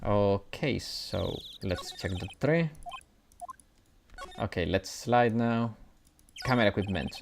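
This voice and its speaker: A man's voice: fairly low pitch, slow, vocal fry, long pauses, slight background noise. A man chatting casually as he streams a game, laughing at himself and stumbling over his words. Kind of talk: live gaming commentary.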